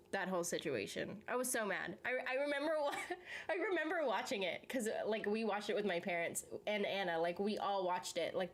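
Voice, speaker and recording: Young woman, casual chat, animated, swears a lot, quick laughs. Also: mid-range voice. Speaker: show host reacting to viewer comments.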